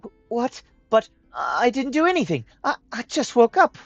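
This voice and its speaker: A man's voice: extremely high pitch, wildly swooping pitch, moderate pace, gravelly, no echo, dull audio, faint music behind, voice pushed up, exaggerated voice. A man doing an anxious dragon mother. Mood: frightened. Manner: stammering, soothing. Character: worried dragon mother, gentle then fearful.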